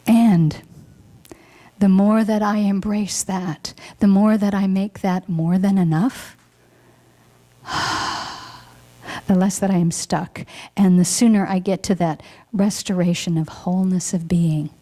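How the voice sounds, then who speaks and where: A woman's voice: medium pitch, steady tone, slow, pauses often, mellow. Woman minister giving a heartfelt sermon. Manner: heartfelt, reflective, emotional at times. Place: church hall.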